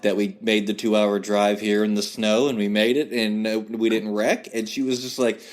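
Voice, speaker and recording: A man's voice: fairly low pitch, normal speed, few pauses. A man with a West Virginian drawl, a podcast guest telling family stories in casual chat. He chuckles as he talks and acts out his relatives' voices.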